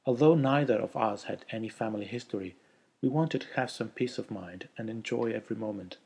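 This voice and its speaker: A man narrating a first-person story in a quiet, heartfelt way. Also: lowish voice, fairly quick, vocal fry, husky.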